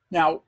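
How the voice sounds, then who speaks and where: A man presenting an online workshop over a video call, speaking in a measured way with wry asides and repeating key words for emphasis. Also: lo-fi sound.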